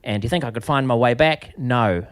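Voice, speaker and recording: A middle-aged New Zealand man telling a comic story on a podcast, laughing at himself as he goes. His voice sits at a middling pitch. He keeps restarting his lines with lively, self-deprecating energy. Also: a little fast, clean tone, no echo, clean studio sound. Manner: animated, self-mocking, frequent laughs and restarts. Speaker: podcast guest.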